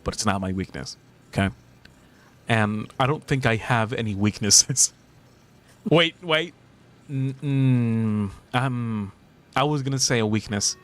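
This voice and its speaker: A man's voice: mid-range voice, a little slow. Playful man streamer teasing his chat. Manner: playful, teasing, laughs often. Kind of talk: casual chat.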